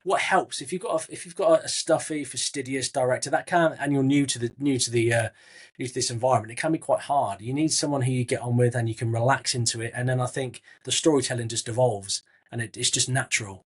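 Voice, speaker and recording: A man's voice: mid-range voice, quick pace, slightly rough. A middle-aged man from Southwest England, an actor and guest in an interview, talking in a chatty way with frequent restarts and friendly asides. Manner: chatty, frequent restarts, calls people mate. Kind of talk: casual interview chat.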